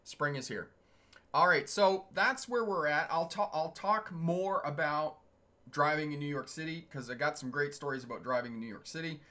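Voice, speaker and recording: A middle-aged man with a bright, clear-toned voice telling stories on a casual livestream. He talks in a chatty, digressive way and chuckles often between stories. He stops now and then to answer viewers' comments. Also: on the high side, moderate pace. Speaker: truck driving instructor and channel host. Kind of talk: casual livestream storytelling, reading chat comments.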